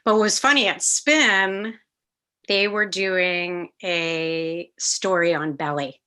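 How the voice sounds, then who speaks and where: A middle-aged woman speaking as an interview guest over a video call. She tells stories in a lively, casual way, acts out the other people in them and swears freely. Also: fairly low pitch, slow pace, clear, resonant tone. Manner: animated, acts out quoted voices, swears casually. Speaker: guest musician.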